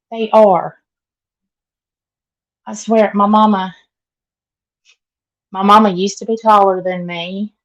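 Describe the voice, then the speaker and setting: A woman's voice: mid-range voice, rough recording. A middle-aged woman with a Southern accent, chatting casually with live viewers and greeting them by name. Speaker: vlogger.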